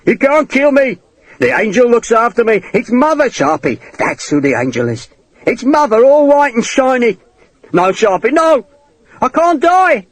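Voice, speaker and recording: A crazed, twitching soldier who shrieks and wails in a shrill, high voice, as a male narrator puts him on. His pitch leaps wildly up and down in an audiobook read, and the sound is close and dry with no room around it. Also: big pitch swings, moderate pace, breathy edge, dry recording, exaggerated voice. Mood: hysterical. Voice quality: shrill, hysterical.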